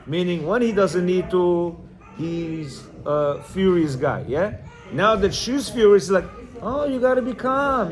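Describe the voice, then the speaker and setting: Guy with a pretty high voice teaching a class, reads a bit then explains it, keeps going "yeah?". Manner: reads a passage, then explains it in plain words; often checks in with listeners. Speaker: religious teacher.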